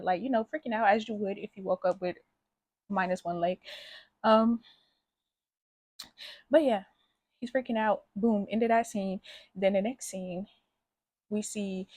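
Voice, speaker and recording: Woman, casual movie recap, slangy, talkative, mid pitch, dry sound. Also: normal speed, long pauses, darkish tone, no echo. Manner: slangy, chatty, acts out characters' lines. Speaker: movie reviewer.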